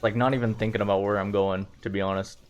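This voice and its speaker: A man's voice: lowish voice, flat delivery, fast, faint music behind. A young man streaming, rambling casually through stories with lots of fillers and self-deprecating asides. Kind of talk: casual storytelling on a live stream.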